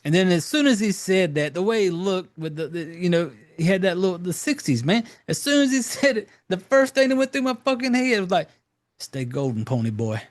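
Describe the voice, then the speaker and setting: A man talks through a horror film's plot in a loose, meandering way, dropping curses and filler words as he goes. His voice sits a little high for a man. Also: brisk, hardly any pauses. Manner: rambling, profane, loose storytelling with fillers. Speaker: podcast host. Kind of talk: casual movie recap.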